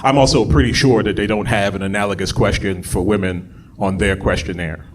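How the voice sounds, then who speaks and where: A man's voice: fairly low pitch, fairly even intonation, a little fast, slight background noise. A man performing a stand-up comedy set on a club stage into a handheld mic, chatty and laughing at his own jokes. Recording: live club with audience crowd.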